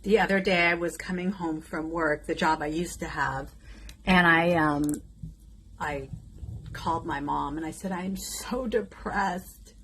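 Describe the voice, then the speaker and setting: A woman's voice: low voice, steady tone, measured pace, a bit bright, slight background noise, low-quality recording. A woman in her fifties talking candidly in a casual vlog while doing her makeup, chatting openly with plenty of fillers. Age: 50s. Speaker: beauty vlogger.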